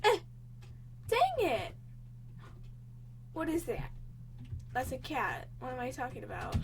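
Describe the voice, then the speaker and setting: A woman's voice: high voice, takes it slowly, pauses often, heavy background noise. A young woman giving let's play commentary on a game, reacting with gasps and panicky exclamations. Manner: excitable, gasping, panicky exclamations. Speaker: gaming channel host.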